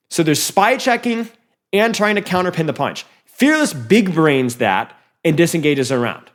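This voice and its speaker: A man coaching viewers through a match review in casual commentary, talking straight to them and getting excitable when plays swing. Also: fairly high pitch, moderate pace.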